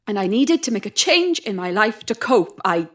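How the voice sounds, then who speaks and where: Young woman, sarcastic, swearing, lively swooping pitch, audio drama. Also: moderate pace. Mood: wry. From Wales. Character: wry, sharp-tongued young woman, frightened but defiant. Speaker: traveler at a strange customs desk.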